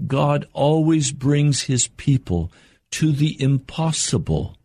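An older man delivers a broadcast sermon with a husky, slightly breathy voice. He preaches earnestly and slows down to stress key points. The recording is dry and close. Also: a little high, darkish tone, no room sound. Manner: earnest, measured preaching with slow emphatic pauses.

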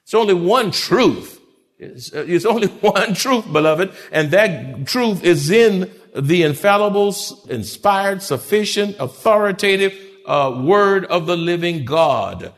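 A man preaching a sermon as pastor, animated, repeating phrases and briefly acting out the voices of complaining churchgoers. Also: sits high, a little slow.

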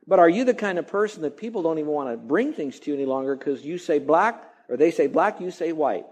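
A man's voice: on the high side, lively intonation, fast talker, darkish tone, low-quality recording. A man preaching a sermon as a pastor, emphatic and repetitive, now and then mimicking grumbling.

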